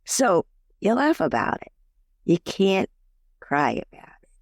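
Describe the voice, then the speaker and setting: A woman life coach, guesting on a podcast, chats casually with fillers and restarts, acting out the quotes in her stories like a lively storyteller. Her voice is medium-pitched, slow and gravelly, captured in clean studio sound with no echo.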